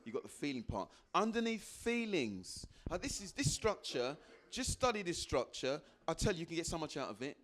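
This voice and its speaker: A man giving a motivational talk to a live audience, repeating phrases for emphasis and acting out little exchanges with sudden jumps into a high voice. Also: moderate pace, few pauses. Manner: animated, acts out little dialogues with sudden high jumps in pitch. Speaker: guest speaker.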